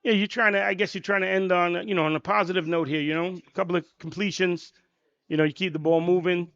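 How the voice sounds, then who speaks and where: Gravelly, rambling color commentator man. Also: high voice, steady tone, fast talker, a bit bright, no echo, highs cut off. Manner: rambling, many "you know" fillers. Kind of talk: live game commentary.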